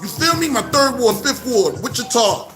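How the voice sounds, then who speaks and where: A man with a Brooklyn accent talking casually to camera, animated, full of street slang and repeated shout-outs. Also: extremely high pitch, moderate pace, soft background music. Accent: New York, Brooklyn. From Brooklyn, New York. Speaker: vlogger. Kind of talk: casual direct-to-camera monologue.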